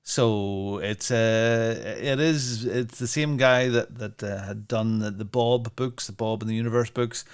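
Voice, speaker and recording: A man's voice: on the low side, a little slow, few pauses, smooth. A man, co-hosting a podcast in casual, rambling chat full of fillers and restarts. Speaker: podcast co-host.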